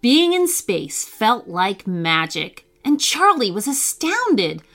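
A woman narrating a bedtime story for children, reading slowly and expressively. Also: a little high, sing-song, a bit bright.

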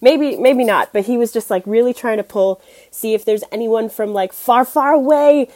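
A young American woman, guesting as a podcast host, tells casual, self-deprecating stories in a monologue packed with fillers and laughter. Her voice is warm and fairly high, at a moderate pace.

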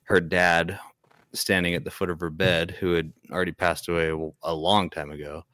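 A man's voice: low-pitched, flat delivery, moderate pace, a bit bright, no room sound. A young man casually telling a ghost story on a podcast, rambling and restarting often. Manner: rambling, hesitant, many restarts. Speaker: podcast guest.

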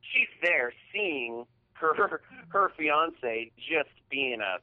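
A man's voice: a little high, expressive, extremely slow. A man co-hosting a podcast, telling a heated, profane story in casual chat. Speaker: podcast co-host. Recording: tinny phone-like audio.

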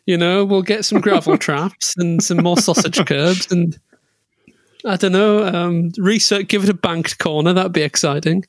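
High-voiced chatty man. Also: steady tone, normal speed, no echo. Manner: rambling, jokey, laughs often. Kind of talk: casual motorsport chat.

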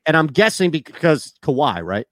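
Brief: opinionated male sports radio co-host, somewhat high voice, dry studio sound. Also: sing-song, moderate pace, fairly bright tone, no room sound. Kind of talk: casual sports talk.

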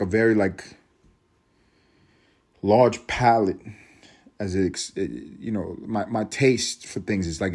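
A man's voice: deep voice, a little mellow. A man in his thirties from East Harlem with a New York accent, hosting a solo podcast in a profane, rambling way and laughing at his own jokes. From East Harlem, New York City. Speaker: podcast host.

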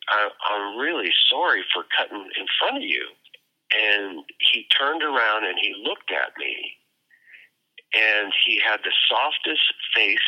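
A man telling a personal story in an earnest, halting way, with restarts. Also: fairly low pitch. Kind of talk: personal anecdote, told conversationally. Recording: dull lo-fi audio.

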